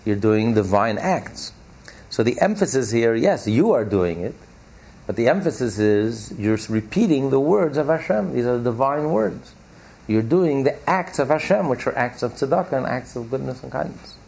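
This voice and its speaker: A man teaching a religious text class, explaining emphatically and repeating key phrases slowly for stress. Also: medium pitch, lively intonation, creaky, a little mellow, breathy edge.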